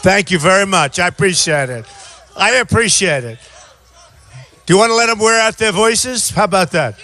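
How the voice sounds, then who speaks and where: A man in his sixties giving an off-the-cuff campaign rally speech outdoors, rambling and repetitive, often shouting to a crowd. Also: high-pitched, expressive, normal speed. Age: 60s. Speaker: presidential candidate.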